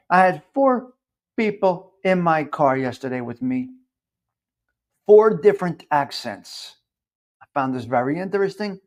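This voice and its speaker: A man's voice: a little high, big pitch swings, a little slow, pauses often. A man with a North Jersey accent, talking casually in a rambling monologue and repeating words for emphasis. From New Jersey. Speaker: podcast host.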